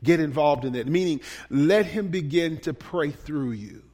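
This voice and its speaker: A man preaching a sermon as a pastor, pleading and impassioned, dropping to a hush and then rising to shouts. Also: on the high side, a little slow. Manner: impassioned, pleading, swinging between hushed and shouted. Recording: long reverb of a large hall.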